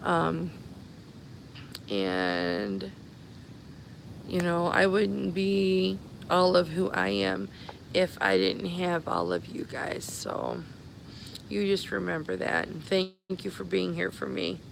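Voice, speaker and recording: A woman's voice: on the low side, expressive, a little slow, gravelly, noisy background. A woman live-streaming on her phone from an airport, chatting affectionately with her followers and calling them honey. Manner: chatty, affectionate, calls viewers babies and honey. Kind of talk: casual live-stream chat. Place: airport, stranded after a cancelled flight.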